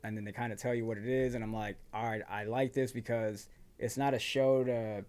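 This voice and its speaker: A man's voice: mid-range voice, steady tone, brisk, darkish tone, clean tone. Laid-back Virginian man with slight twang. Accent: slight Southern twang. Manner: laid-back, drops into quoted asides, laughs often. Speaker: guest firefighter. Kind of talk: casual storytelling.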